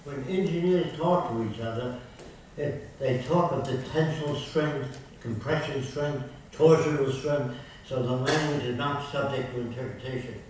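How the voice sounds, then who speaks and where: A man's voice: medium pitch, normal speed, a little mellow, slight background noise. Older man lecturing in an echoey hall. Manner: emphatic, declarative lecturing with lists. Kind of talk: public lecture. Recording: very echoey hall, recorded from far off.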